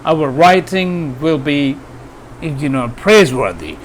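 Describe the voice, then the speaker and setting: During a grammar lesson, a male English teacher stumbles through with frequent fillers and fresh starts. He speaks slowly in a highish voice with lively intonation, over a little background noise.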